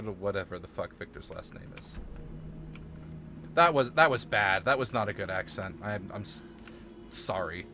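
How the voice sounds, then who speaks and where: A man's voice: fairly low pitch, normal speed, bright, forceful tone, a little hiss or hum. A man streaming a game live, commenting casually with swearing and frequent laughter. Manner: casual, profane, laughs often.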